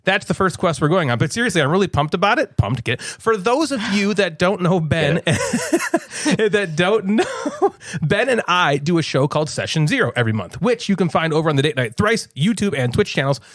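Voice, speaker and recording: A man's voice: high-pitched, very animated, moderate pace, fairly bright tone, no echo, studio quality. A man hosting a board game podcast, chatting casually and joking about character voices. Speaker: podcast host. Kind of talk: casual chat.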